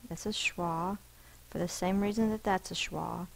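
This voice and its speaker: A woman's voice: fairly low pitch, steady tone, unhurried, creaky, rough recording. A woman teacher giving a recorded spelling lesson, patiently explaining rules and sounding out each letter and syllable.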